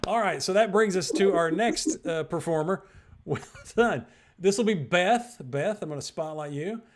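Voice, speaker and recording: Man hosting an improv show, rambling, filler words, fairly high voice, video call. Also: normal speed, noisy background.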